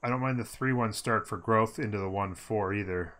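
A man offers upbeat, casual commentary on a strategy game, thinking aloud and humming as he plays. His voice is lowish and a bit bright, and he speaks a little fast.

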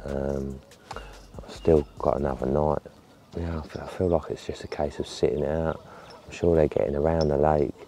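A man's voice: extremely low pitch, little pitch movement, moderate pace, dark tone. A man with a laid-back, murmured way of talking, chatting casually to camera while filming a trip outdoors by a lake. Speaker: vlogger filming a fishing trip.

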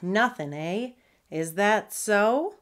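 A woman voicing a gruff female pug pirate with a gold tooth, speaking in salty, taunting pirate talk. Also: medium pitch, animated, takes it slowly. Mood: mocking.

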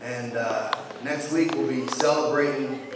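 A man's voice: medium pitch, steady tone, measured pace, background noise. A man preaching a sermon as pastor, joking and conversational with his church. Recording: echoey hall, mic far off.

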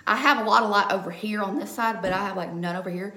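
Quick, bright and forceful, a young woman with a medium-pitched voice runs a chatty live makeup tutorial from a home room lit by a ring light. Almost every step ends with her checking in, usually with "okay?", in an echoey space.

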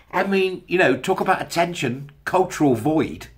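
Male vlogger, husky voice, animated pitch, wry and chuckling, casual solo commentary. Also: moderate pace, few pauses. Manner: sarcastic, chuckling asides. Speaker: video blogger.

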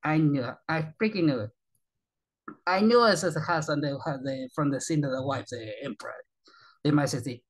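Excitable man in broken English. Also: a little high, normal speed. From Argentina. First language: Spanish. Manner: excitable, rambling broken English, frequent swearing. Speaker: YouTube reaction channel host. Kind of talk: casual reaction commentary.

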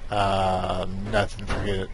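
A man's voice: low-pitched, monotone, a little slow, a little hiss or hum. A man giving casual, rambling commentary on a game he is playing at his computer, hesitating often with "uh" fillers. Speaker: let's play gamer.

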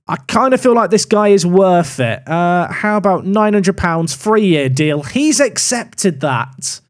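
A young man casually commenting on a management game as he plays, thinking aloud with wry asides. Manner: musing aloud, wry asides, animated pitch swings. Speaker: gaming YouTuber.

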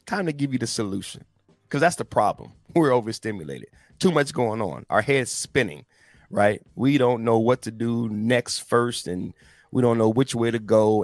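Slow, low-voiced man giving a pep talk. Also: dry recording. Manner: slangy, emphatic, addresses listeners directly as guys. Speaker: motivational host. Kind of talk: casual motivational talk with scripture readings.

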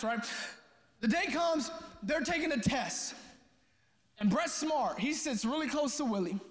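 Youth pastor guy, high voice, lively storytelling, big echoey hall. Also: normal speed. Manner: animated, acts out friends' voices.

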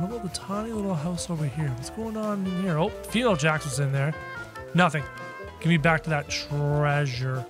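A man playing a brash, cocky cartoon rabbit jester, chatting excitably through a game and yelping when scared. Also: fairly high pitch. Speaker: gaming YouTuber playing in character. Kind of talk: in-character gameplay commentary.

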